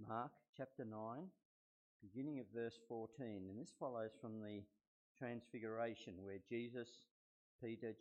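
A man's voice: on the low side, a little mellow, lo-fi sound. Man reading scripture in church. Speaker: scripture reader.

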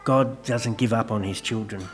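A man preaching a sermon, gentle and conversational with light humor, praying in a soft, hushed way. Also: lowish voice, moderate pace. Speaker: pastor.

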